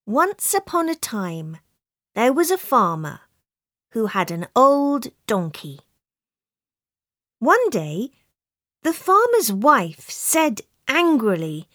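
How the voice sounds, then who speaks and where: A woman narrating a simple storybook for learners, reading very slowly and clearly with an expressive voice, close to a studio mic. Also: fairly high pitch, dry recording.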